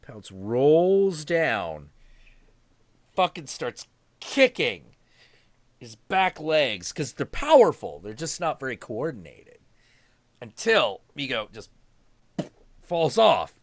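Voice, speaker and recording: A man hosting a stream, telling a story in a casual, animated, profane and rambling way. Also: a little high, takes it slowly, pauses often, dry recording, clean studio sound.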